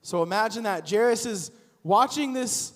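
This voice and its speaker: A young man giving a casual, animated youth sermon as a youth pastor, acting out the people in the story as he goes. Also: high voice, moderate pace. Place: church auditorium. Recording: long hall reverb.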